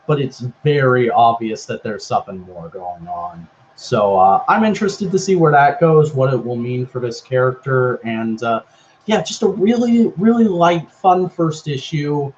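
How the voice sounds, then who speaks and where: A man co-hosting a casual comics chat, relaxed, with dry teasing. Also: medium pitch, a little slow. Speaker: podcast co-host. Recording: dull lo-fi sound with faint noise.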